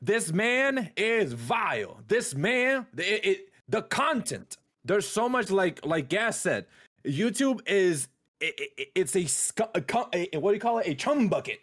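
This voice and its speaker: A man with a high, lively voice speaks up indignantly in casual podcast chat. He stumbles and restarts as he hunts for the right insult, his pitch swinging widely. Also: unhurried. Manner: indignant, stumbling over words. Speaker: podcast co-host.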